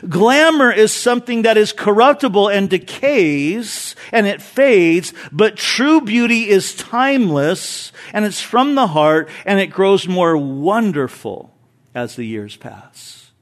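A male pastor delivers a sermon to his congregation in a fairly high voice. His pitch swings widely as he stresses points and drops into quiet asides. He tosses in light jokes between points. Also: takes it slowly. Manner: animated, emphatic, jokes with the congregation. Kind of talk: expository sermon.

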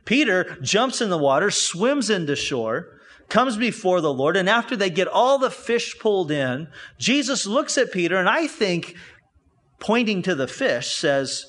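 A man's voice: high-pitched, animated, measured pace, a bit bright. A man pastor preaching a sermon in a church, retelling Bible stories in a conversational way, with frequent restarts.

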